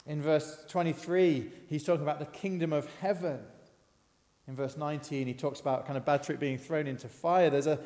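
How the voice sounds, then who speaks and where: A man's voice: fairly high pitch, darkish tone, in a large hall. A man giving a conversational sermon, asking the congregation questions as he goes. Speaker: preacher. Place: church.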